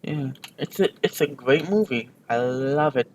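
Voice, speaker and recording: A man talking slowly and loosely over his gameplay, stringing thoughts together with fillers and restarts. His pitch sits in an ordinary middle range, with a faint hiss of background noise on the recording. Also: low-quality recording. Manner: rambling, lots of fillers and restarts. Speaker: let's play gamer. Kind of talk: casual rambling recap over gameplay.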